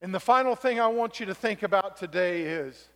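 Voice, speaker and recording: A man preaching a sermon as pastor, moving from quiet reflection to shouted exhortation, in a church sanctuary. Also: sits high, a little fast. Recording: long reverb of a large hall.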